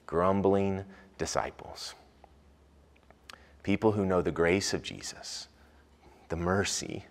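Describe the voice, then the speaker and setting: A man preaching a sermon as a pastor, rising to loud emphatic peaks and dropping back low. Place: church sanctuary. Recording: long hall reverb.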